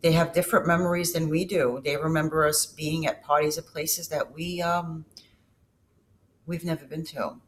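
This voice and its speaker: A woman's voice: deep voice, fairly even intonation, moderate pace, a little hiss or hum. Candid middle-aged woman vlogger, swearing freely. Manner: candid, emotional, swears freely, trails off and restarts. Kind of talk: casual personal storytelling to camera.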